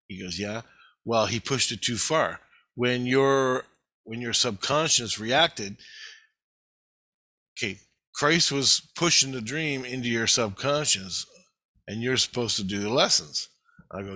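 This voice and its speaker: A man's voice: medium pitch, bright, forceful tone, dry recording. A man casually telling a long personal story, swearing often and acting out both sides of a conversation with lots of "he goes" and "I go". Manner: profane, loose retelling with many quoted dialogues and repeated "he goes".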